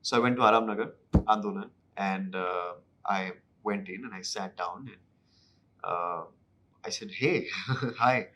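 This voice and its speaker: A man, an actor telling anecdotes in an interview in an animated, self-deprecating way. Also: deep voice, unhurried, slight background noise. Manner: animated, acts out dialogue in other voices; self-deprecating, mixes in Hindi phrases. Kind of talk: anecdotal storytelling.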